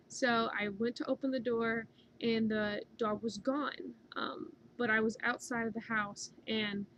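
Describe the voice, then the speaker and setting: A woman's voice: fairly high pitch, a little hiss or hum, low-quality recording. A young woman casually telling a long personal story, rambling with many fillers and restarts. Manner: rambling, many ums and likes. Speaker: dream narrator.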